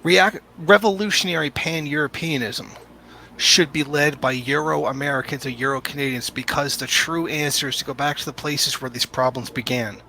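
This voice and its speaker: Man delivering a lecturing statement, bright and forceful, faint background noise. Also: fairly high pitch, steady tone, normal speed. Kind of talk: declarative political statement.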